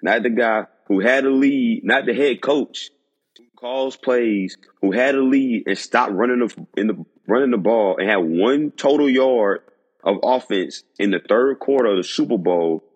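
A man hosting a sports podcast, ranting in disbelief with emphatic repetition and a husky voice. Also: mid-range voice, unhurried, long reverb tail. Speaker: podcast host.

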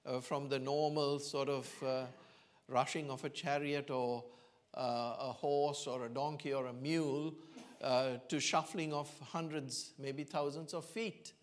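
Male preacher, evening sermon in church, unhurried, earnest, lots of "uh" pauses. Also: mid-range voice, steady tone. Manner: slow, earnest storytelling with many pauses and fillers.

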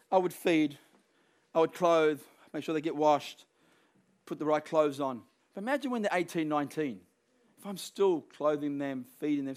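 A man preaching a sermon, emphatic and building to forceful peaks, acting out quoted voices along the way. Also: a little high.

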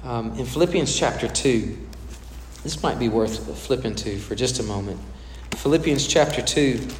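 A pastor preaching a sermon in a conversational way, putting questions to the congregation. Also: male voice, mid-range voice, moderate pace, slight background noise. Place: church hall. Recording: echoey hall with long reverb.

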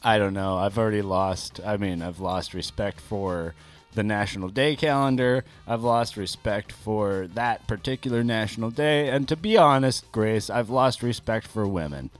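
Deadpan man co-hosting a podcast. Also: on the low side, moderate pace, soft background music. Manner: dry, deadpan joking. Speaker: podcast co-host. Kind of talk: casual chat.

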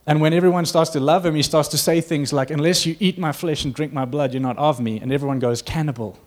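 A man's voice: a little high, steady tone, quick pace. A man preaching a sermon to his church in an earnest, conversational way, acting out quotes as he goes. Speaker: pastor.

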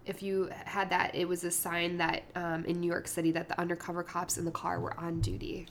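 A woman's voice: fairly low pitch, completely flat delivery, a little fast, a little hiss or hum. A woman co-hosting a casual movie podcast, chatty with lots of fillers. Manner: chatty, filler-laden, laughing asides. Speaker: podcast co-host.

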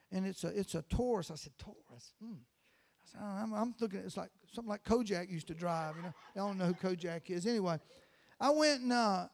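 A man's voice: high-pitched, creaky. A man preaching in a small church, telling folksy stories with stammering restarts, then praying fervently. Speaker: guest preacher. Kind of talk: sermon.

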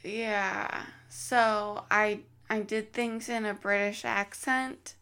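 A woman's voice: mid-range voice, level tone, slow, bright, forceful tone, slight background noise. A woman guest on a podcast, chatting casually and giving dry, offhand answers. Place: podcast studio.

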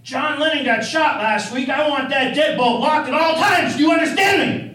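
A man acting out a belligerent, paranoid male roommate who barks orders loudly and threateningly, in a roomy, distant-miked recording. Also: very high voice, normal speed, pitched above the performer's own voice. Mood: menacing. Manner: loud, commanding and menacing.

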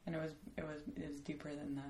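A woman's voice: low-pitched, flat delivery, racing, creaky, darkish tone, roomy sound, a little hiss or hum. A woman hosting a podcast interview, chatty and playful, laughing often and teasing her guest. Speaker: podcast host. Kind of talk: casual interview chat.

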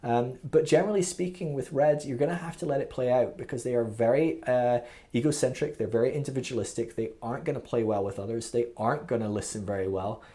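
Male podcast host, mid-pitched, earnest and informal, restarts often and keeps checking in with listeners. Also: fast, dark tone. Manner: earnest, many fillers and restarts, repeated "okay?" checks. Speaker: podcast host teaching a spiritual growth model. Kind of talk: casual teaching monologue.

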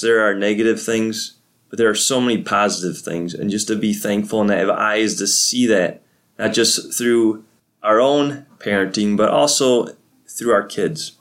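Earnest, low-voiced pastor. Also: male voice, fairly bright tone. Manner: earnest, encouraging, prayerful. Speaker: pastor hosting a parenting podcast. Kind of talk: devotional podcast talk.

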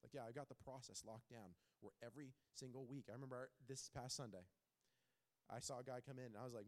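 A man leading a small-group bible study as pastor, earnest and repeating words for emphasis, often dropping to a hushed tone. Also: medium pitch, fairly quick, long pauses. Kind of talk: teaching a bible study with questions.

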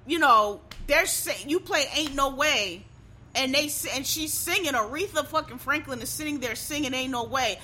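A woman's voice: sits high, bright, forceful tone. A woman in a casual, exasperated rant, full of swearing and rhetorical questions.

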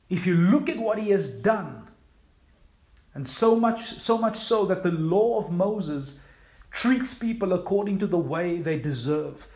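Fervent preacher man, slightly high voice. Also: darkish tone. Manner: reads scripture then preaches with fervent exhortation. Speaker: pastor. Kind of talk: sermon. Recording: echoey room.

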